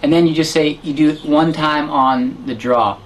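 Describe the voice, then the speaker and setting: Relaxed male harmonica teacher. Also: fairly high pitch, moderate pace, a little hiss or hum, low-quality recording. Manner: demonstrates sounds and counts beats aloud; relaxed, explanatory, self-correcting. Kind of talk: instructional lesson.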